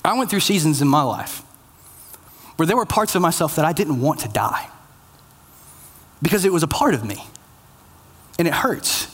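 A man's voice: on the high side, big pitch swings, normal speed, long pauses, slightly rough. A man preaching a sermon in an earnest, conversational way. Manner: earnest, conversational, self-deprecating. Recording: long hall reverb, faint music.

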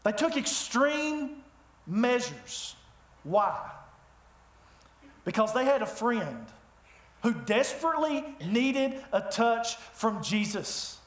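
A man preaching a sermon in a church, telling the story with lively humor. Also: extremely high pitch, slow pace, pauses often. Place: church sanctuary. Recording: echoey room.

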